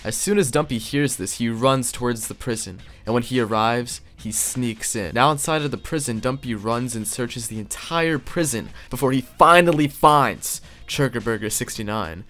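Young male YouTuber, mid-pitched, reads fan fiction aloud with profane, mocking asides. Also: normal speed, hardly any pauses, a bit bright. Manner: crude, sarcastic, joking asides. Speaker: YouTube host.

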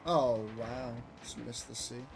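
A loud, excitable young British man who swears casually while commenting on his own speedrun. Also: medium pitch, slow pace, gravelly. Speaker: speedrunner streaming a racing game. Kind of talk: casual live commentary over gameplay. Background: game music and engine sounds.

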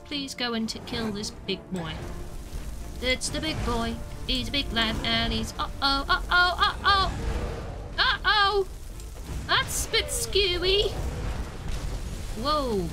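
A young woman from the UK chatting through a game as a streamer, joking at herself and squealing when she gets hit. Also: fairly high pitch. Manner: chatty and self-mocking, with squeals when attacked. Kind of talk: casual gameplay commentary.

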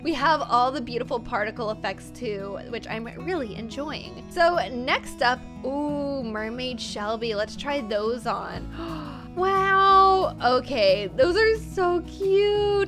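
A young woman hosting a casual gaming video, gushing and chatty, peppering her talk with "like". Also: sits high. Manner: bubbly, gushing, says "like" often. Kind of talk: casual gameplay commentary. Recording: music playing behind voice.

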